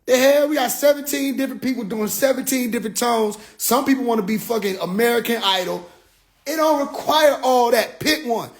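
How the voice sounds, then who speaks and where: A man with a notably high voice tells a story as a comedic rant. He is animated and profane, and his delivery is loose and full of slang. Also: a little fast, few pauses. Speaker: vlogger.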